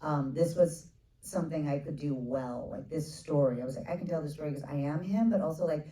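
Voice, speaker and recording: A woman director in her forties answering questions in a casual onstage Q&A. She talks like an animated storyteller, acting out other people with quick asides. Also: deep voice. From United States. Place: theater stage with audience. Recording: roomy theater sound from a distant mic.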